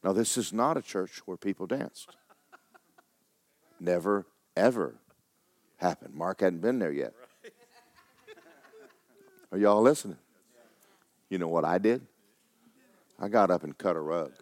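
A middle-aged man preaching a sermon in folksy storytelling, swinging from hushed tones to excited shouting. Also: deep voice, a little slow, pauses often, no room sound.

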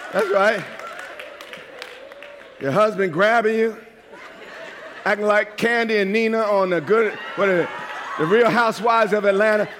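Male pastor from New York, high voice, emphatic sermon delivery. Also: fairly even intonation, a little slow, long pauses, a crowd in the background, noisy background. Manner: emphatic preaching, swings from quiet to shouting.

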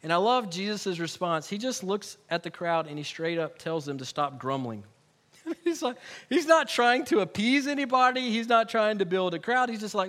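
A man's voice: sits high, lively intonation, moderate pace, a bit bright. A male pastor preaching a sermon in a conversational way, with humorous asides and emphatic repeated words.

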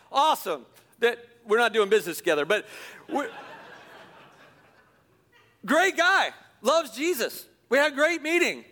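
A middle-aged man, a pastor, telling a self-deprecating story in a sermon, animated and chuckling as he goes. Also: very high voice. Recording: long hall reverb.

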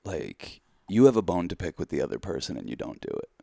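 A man's voice: low-pitched, big pitch swings, brisk, gravelly, warm tone, no room sound, studio quality. A man co-hosting a podcast, talking candidly in a rambling, self-deprecating way. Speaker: podcast co-host. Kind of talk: casual chat.

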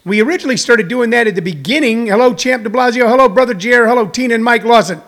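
Middle-aged man, light high voice, rambling live-show host, slightly winded. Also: quick pace, gravelly, a bit bright. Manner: rambling, chatty, jokey asides. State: a little out of breath. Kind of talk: live-stream talk show monologue.

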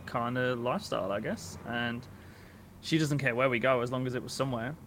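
A man from England chatting as a podcast guest, relaxed and a bit hesitant, often unsure of himself. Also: mid-range voice, fairly quick, a little hiss or hum. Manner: relaxed, hesitant, many "um" and "I don't know". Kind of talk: casual chat.

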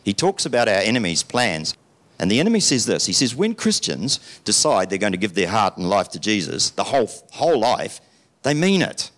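Lively storytelling New pastor. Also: male voice, on the low side, moderate pace. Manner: storytelling, acts out the people in his stories. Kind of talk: sermon.

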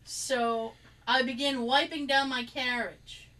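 A woman telling a story in casual chat, animated and laughing, acting out quotes as she rants. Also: high voice, takes it slowly, a little hiss or hum, poor audio. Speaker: co-host.

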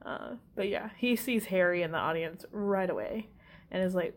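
A woman's voice: on the low side, normal speed. A woman casually recapping a movie, swearing freely and laughing at her own asides. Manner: casual, profane, giggly asides.

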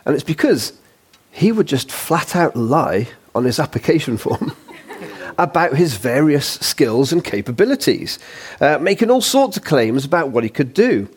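A man preaching as a guest, with a voice on the higher side. He talks in a loose, conversational way, dotted with ums and questions thrown out to the congregation. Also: sing-song, measured pace, husky. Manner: chatty, informal, with frequent ums and rhetorical questions. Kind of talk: sermon.

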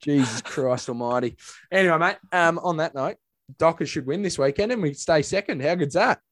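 A man's voice: fairly high pitch, expressive, normal speed, no room sound, studio quality. A young Australian man co-hosting a casual sports podcast, laid-back and sweary, calling everyone mate. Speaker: podcast co-host. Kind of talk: casual chat.

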